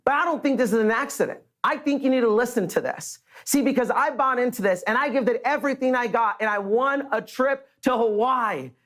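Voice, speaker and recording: A man from the Los Angeles area giving an earnest, energetic motivational stage speech and talking straight to the crowd. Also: extremely high pitch, a little fast, few pauses. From Los Angeles area, USA. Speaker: motivational speaker.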